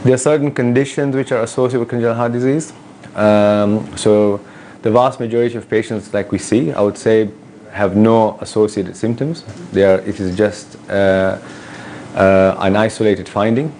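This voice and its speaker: A man working as a children's heart doctor in a hospital, explaining a condition in a measured way and often pausing with fillers. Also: fairly low pitch, fairly even intonation, dark tone, a little hiss or hum. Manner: measured, hesitant with many fillers. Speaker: pediatric cardiologist. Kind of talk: explaining to camera. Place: hospital in Kenya.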